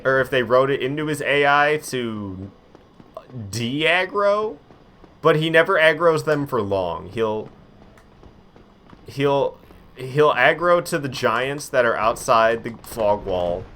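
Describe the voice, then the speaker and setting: A young man chatting through a live game stream, quick to get frustrated and poking fun at himself. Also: medium pitch, animated, fairly bright tone, slight background noise. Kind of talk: casual live-stream commentary.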